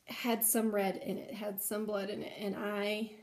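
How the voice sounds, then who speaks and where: At a measured pace, a woman with a medium-pitched, slightly mellow voice and flat delivery tells a personal story at home. The young adult vlogger is chatty and earnest, her emotional retelling filled with "like" and "um."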